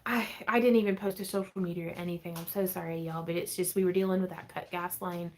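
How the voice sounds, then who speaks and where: A woman's voice: lowish voice, fairly even intonation, a little mellow, slight background noise. Chatty woman hosting a craft livestream. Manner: chatty, rambling, quick to laugh; reads viewer comments aloud and answers them. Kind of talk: casual livestream chat. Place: at home.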